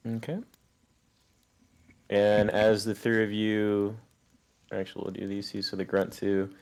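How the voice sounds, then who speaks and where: A man narrating as game master in a relaxed, plain-spoken way. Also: lowish voice, unhurried, creaky.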